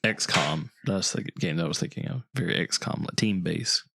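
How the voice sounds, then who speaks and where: A man's voice: low voice, animated, moderate pace, vocal fry, noisy background. A man co-hosting a podcast in casual chat, joking and teasing his friends. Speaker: podcast co-host.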